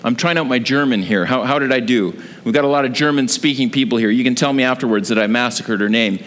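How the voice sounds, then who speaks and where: A man preaching a sermon, telling a story with lively delivery and frequent ums and uhs. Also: medium pitch, fast. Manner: animated storytelling with frequent fillers. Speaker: pastor. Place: church sanctuary. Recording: long hall reverb.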